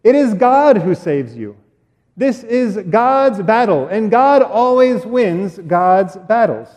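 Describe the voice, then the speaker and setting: A man voicing a young shepherd boy who speaks calmly and confidently, told in a church sermon. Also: sits high, measured pace, big-room sound, voice pushed up. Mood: earnest. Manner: calm, confident declarations.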